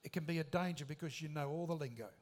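A man's voice: on the high side, fast, a little mellow. A man preaching a sermon in an emphatic, conversational way, with rhetorical questions.

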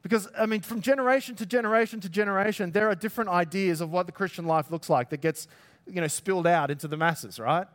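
Animated preacher man, fairly high voice. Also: quick pace. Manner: conversational, animated, jokey asides. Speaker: pastor. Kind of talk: sermon.

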